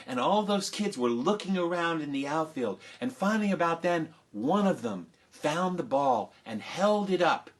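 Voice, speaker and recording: A male storyteller with a high, bright voice, telling a tale live. He is animated, jumping from excited calls to soft, hushed asides. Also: a little slow. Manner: animated, swings between loud cheering and hushed asides. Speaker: children's storyteller.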